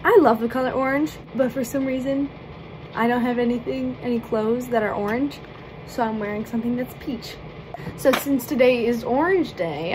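A woman hosting her own makeup video, chatty and playful as she talks through each step. Her voice sits a little high, and faint background noise runs under it. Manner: bubbly and playful, chatty asides. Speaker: makeup vlogger.

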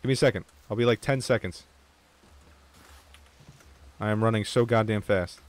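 A young man streaming an online game with viewers, chatting casually, swearing freely and getting excited. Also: lowish voice, normal speed. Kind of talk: casual gaming chat.

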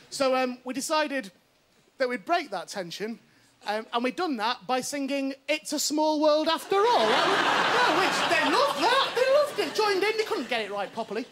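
A man's voice: extremely high pitch, heavy background noise. A male comedian telling a stand-up story before a live studio audience, acting out the voices of the people in it. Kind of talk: stand-up anecdote. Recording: TV studio with loud audience laughter.

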